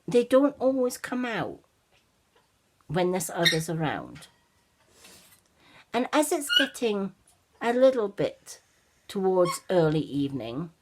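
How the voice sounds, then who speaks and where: An older woman voicing a cautious, fussy rabbit in a storybook who keeps telling others to be quiet. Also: mid-range voice, background noise. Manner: bossy shushing.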